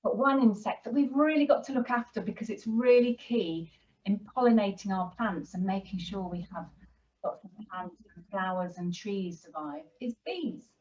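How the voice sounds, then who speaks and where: A woman teaching a children's yoga class and giving gentle, encouraging instructions to young kids. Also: mid-range voice, moderate pace, recorded from a distance, highs cut off. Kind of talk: guiding a kids' yoga class.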